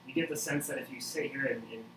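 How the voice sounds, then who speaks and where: A man narrates a tabletop game as its game master, his voice dropping low and measured as he sets each scene. He sits some way from the mic in an echoing room, with a steady hiss of noise underneath. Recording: roomy, distant mic with background noise.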